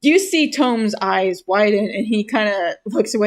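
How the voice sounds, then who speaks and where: A woman narrating her character's actions in a casual tabletop role-play, chatty and full of fillers. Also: mid-range voice. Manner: chatty, quick laughs, lots of fillers. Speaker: player and co-narrator.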